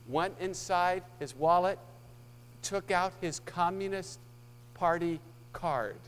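A man preaching a sermon and telling a story, swelling louder on key points and dropping soft and low for tense moments. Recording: hall reverb with mains hum.

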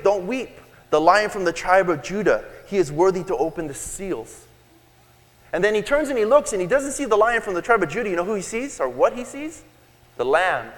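Guy preaching a sermon, slightly high voice, big echoey hall, tells stories and acts stuff out. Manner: storytelling, acts out quotes with sudden shouts. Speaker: pastor. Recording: long hall reverb.

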